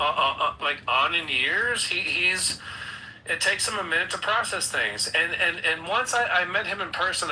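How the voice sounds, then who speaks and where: A man's voice: high-pitched, bright, forceful tone, slight background noise, poor audio. A man in casual chat on an audio chat room, swearing a lot and stammering through repeated words, emotional and tearful. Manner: profane, stammering repetitions, emotional.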